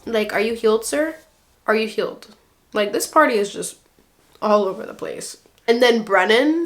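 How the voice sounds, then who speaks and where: A young woman giving a casual, sassy reaction commentary on a reality show, full of fillers and mock quotes. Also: mid-range voice. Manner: sassy, lots of fillers, mocks people in quoted voices. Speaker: reaction vlogger.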